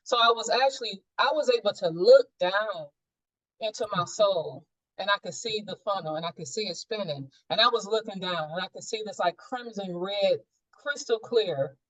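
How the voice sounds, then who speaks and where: A woman's voice: medium pitch, normal speed, no echo, low-quality recording. A woman sharing a personal experience in a group coaching session, reflective and searching, with many fillers.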